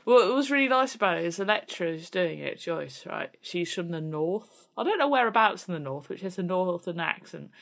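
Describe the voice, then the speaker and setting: A woman's voice: lowish voice, animated, a little fast, creaky, few pauses, a bit bright. A woman co-hosting a comedy podcast, chatting casually with playful puns and giggles. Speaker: podcast co-host.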